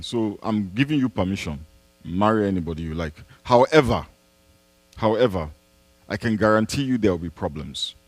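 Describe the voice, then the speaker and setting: A male pastor preaches his answers with emphasis, returning to key phrases and firing off rhetorical questions. His pitch rises and falls freely, and the sound is close and dry, with no room around it. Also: no room sound. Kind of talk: sermon-style Q&A answer. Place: church.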